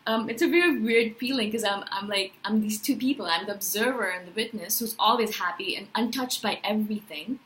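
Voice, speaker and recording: A woman in her thirties talking in a personal spiritual vlog, animated and emphatic, often checking in with "right?". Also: mid-range voice, fairly quick, hardly any pauses, a little hiss or hum, low-quality recording. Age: 30s. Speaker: vlogger.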